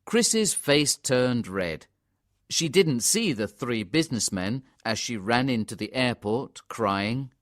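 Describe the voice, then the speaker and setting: A man's voice: mid-range voice, expressive, slow pace, fairly bright tone. Man narrating a graded reader story.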